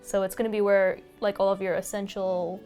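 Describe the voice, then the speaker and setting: A woman co-hosting a gaming podcast in easy, casual conversation. She rambles a little, restarting sentences and leaning on fillers. Faint music plays softly behind her. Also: medium pitch, little pitch movement, fairly quick. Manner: chatty, many fillers and restarts. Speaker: podcast co-host.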